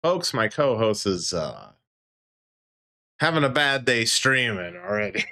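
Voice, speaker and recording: A man chatting on a casual livestream, his pitch rising and falling in a lively, animated way. He jokes with viewers, talks to his parrot and laughs a lot, with easy, casual swearing. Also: a little slow, creaky. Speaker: livestream host.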